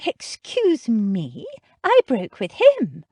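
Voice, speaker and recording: A woman's voice: on the high side, wildly swooping pitch, extremely slow, a little mellow, breathy edge, dry recording, studio quality, pitched above the performer's own voice, heavily acted. A woman reading the part of a spirited young woman who speaks frankly and wryly.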